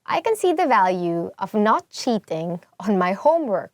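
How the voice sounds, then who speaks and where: A woman's voice: mid-range voice, sing-song, moderate pace, no echo, studio quality. A young woman with a Filipino accent, teaching words playfully and laughing often. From Philippines. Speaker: language teacher. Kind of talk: casual vocabulary lesson.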